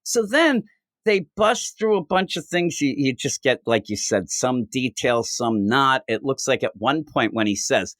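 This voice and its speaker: A man co-hosting a casual comics podcast, reading panel lines aloud in put-on voices and tripping over his words when he gets excited. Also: medium pitch, unhurried, dry recording, clean studio sound. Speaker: podcast co-host. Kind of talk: casual chat about comics.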